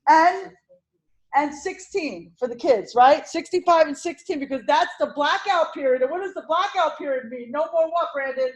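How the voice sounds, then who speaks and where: A woman teaching an insurance licensing class, drilling terms over and over and firing questions at her students. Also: high-pitched. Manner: animated, repetitive drilling with quick questions to students. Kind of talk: classroom exam-prep lecture.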